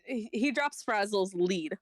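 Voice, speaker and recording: A woman narrating as game master of a tabletop game, lively and giggly, with casual swearing. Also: medium pitch, measured pace, dry recording, studio quality.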